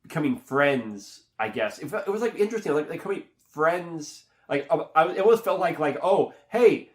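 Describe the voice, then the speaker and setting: Talking a bit fast with lively intonation, a man rambles through a casual spoken film review. He fills it with fillers and restarts, his pitch jumping higher as he acts out reactions.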